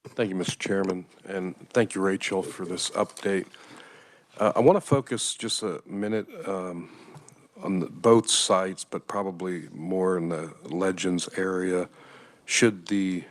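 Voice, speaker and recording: Midwest American man senator, deep, polite, meandering questioner. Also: steady tone, a little slow. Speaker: state senator. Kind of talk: committee questioning. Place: legislative hearing room.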